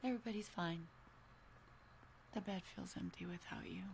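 A woman's voice: fairly low pitch, vocal fry. An actress playing a caring but frustrated middle-aged mother who snaps when hurt, over a noisy cartoon soundtrack. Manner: caring but quick to snap.

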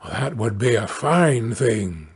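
A man voicing a gullible, slow-talking miller. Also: mid-range voice, sing-song, slightly rough, full character voice. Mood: amazed. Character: gullible, greedy male miller, easily amazed.

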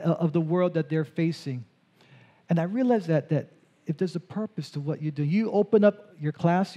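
Fairly high-voiced male pastor with a mellow tone, animated and chatty while interviewing onstage. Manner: animated, chatty with asides and repeated words. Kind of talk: onstage interview in a church service.

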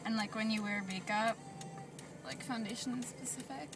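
A woman's voice: fairly high pitch, fairly even intonation, normal speed, creaky, music in the background. A young woman vlogging as she drives, chatting and venting with lots of filler words. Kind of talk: casual vlog while driving. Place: inside a car. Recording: distant mic with road noise.

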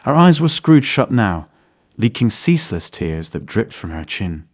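Brief: male narrator, lowish voice, measured dramatic storytelling. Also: very animated. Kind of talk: scripted first-person story narration.

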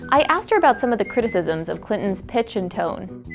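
A woman journalist narrating a scripted explainer and interviewing an expert, in a clear, even and conversational way. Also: mid-range voice, fairly quick, music in the background.

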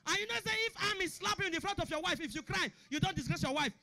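A young man with a Nigerian Pidgin accent doing a stand-up comedy routine, shouting punchlines and acting out characters. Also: extremely high pitch, lively intonation, fast talker, creaky. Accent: Nigerian Pidgin English.

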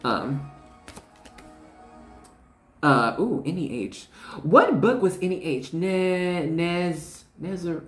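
Young woman, tarot reader, lively swooping pitch, laughs a lot, slangy, echoey room. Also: takes it slowly, pauses often, soft background music. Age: 20s. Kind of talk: casual tarot reading chat.

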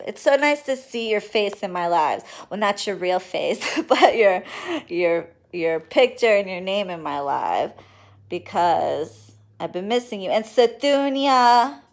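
A woman doing readings and spell work, chatting casually and affectionately to her viewers on a livestream, swearing now and then. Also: mid-range voice. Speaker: spiritual reader and spell worker.

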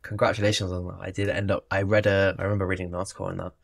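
A man's voice: sits low, level tone, very fast, vocal fry, no echo, studio quality. A young man, a medical student hosting a podcast interview, upbeat and encouraging, with restarts and ums. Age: young adult. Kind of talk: casual interview talk.

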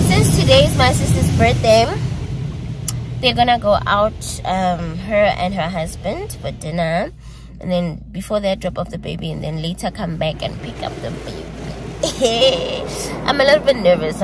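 Chatty woman with vocal fry. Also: mid-range voice. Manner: chatty, excitable, talks straight to viewers. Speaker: vlogger. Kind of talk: casual vlog chat. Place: inside a car at a car wash. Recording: loud car and car wash noise.

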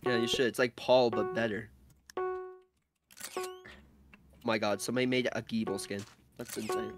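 A man's voice: medium pitch, steady tone, measured pace. Jokey streamer guy chatting while gaming, some music in the back. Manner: joking, hyped, playful trash talk. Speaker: livestream host. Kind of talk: casual gaming livestream chat.

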